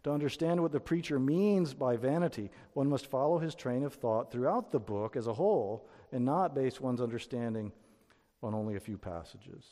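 A man's voice: medium pitch, expressive, moderate pace, dark tone. A man teaching a Bible lesson in sermon style, explaining step by step with frequent restarts. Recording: long reverb of a hall.

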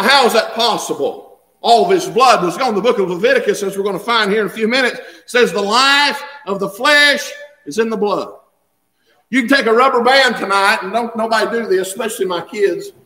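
A male preacher, delivering an impassioned sermon that swells into shouts, recorded in a church. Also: high voice. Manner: impassioned, rising to shouts, dialect grammar. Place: church sanctuary. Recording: echoey long-reverb church hall.

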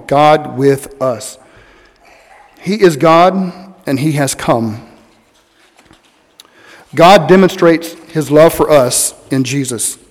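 Pastor preaching in a reverberant hall. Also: male voice, fairly high pitch, darkish tone. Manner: earnest preaching with slow, weighty emphasis. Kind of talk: sermon. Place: church sanctuary.

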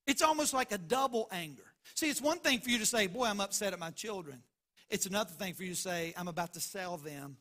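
A man's voice: high voice, pushed and bright. A man preaching a sermon as pastor, emphatic and driving points home by repeating phrases.

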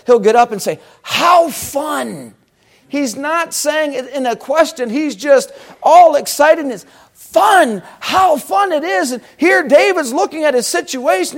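A man preaching a sermon, animated and talking directly with his congregation. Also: very high-pitched. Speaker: pastor.

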